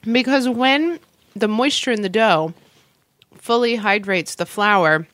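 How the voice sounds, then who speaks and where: A woman co-hosting a casual food chat, talking quickly and chatting while she eats. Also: mid-range voice, a bit bright, no room sound. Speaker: co-host.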